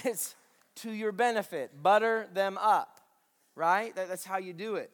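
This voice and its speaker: A man preaching a sermon as pastor, animated and emphatic, repeating his phrases and swinging from loud exclaiming to hushed intensity. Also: high-pitched, unhurried, big-room sound.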